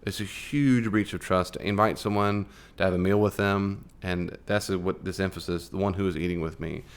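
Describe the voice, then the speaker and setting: A man's voice: deep voice, steady tone, moderate pace, clear, resonant tone. Chatty American man teaching Bible class. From United States. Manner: conversational and chatty, quizzes the class, acts out quotes. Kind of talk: classroom Bible study lesson.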